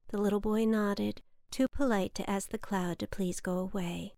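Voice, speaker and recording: A woman hosting a children's story podcast, narrating in a gentle, soft and soothing scripted style. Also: medium pitch, steady tone, moderate pace, hardly any pauses, dry recording, studio quality.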